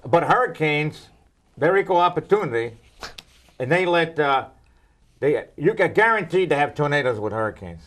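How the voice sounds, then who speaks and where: Brief: older male weather expert, slightly high voice, cracks jokes mid-answer, loose and rambling. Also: sing-song, moderate pace, fairly bright tone. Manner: wisecracking, rambling with puns. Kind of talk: joking weather Q&A.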